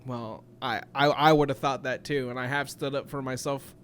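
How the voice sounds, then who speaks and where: A young man co-hosting a podcast, telling a story in a casual, profane, animated way. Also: medium pitch, normal speed, a little hiss or hum. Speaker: podcast co-host.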